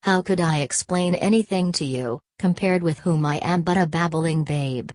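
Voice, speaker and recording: A woman voicing a nervous, deferential male visitor in a read-aloud story, in a calm, measured way. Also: on the low side, dry recording, clean studio sound, close to an everyday voice. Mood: earnest.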